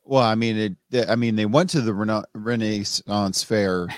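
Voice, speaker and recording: A man's voice: fairly low pitch, steady tone, fast. A man co-hosting a podcast, making wry remarks in casual chat. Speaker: podcast co-host.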